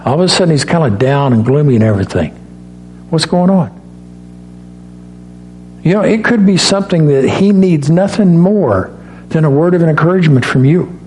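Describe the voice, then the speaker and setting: A middle-aged man preaching a sermon in a folksy, storytelling way, acting out dialogue and rising in pitch on key points. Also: lively intonation, normal speed, pauses often, darkish tone, faint music behind. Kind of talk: sermon with personal stories.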